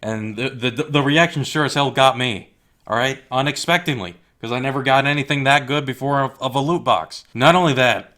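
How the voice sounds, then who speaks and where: Young man, angry rant, blunt, swears a lot, mid-pitched voice. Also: pushed and bright. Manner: blunt, profane, heated. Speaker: YouTuber.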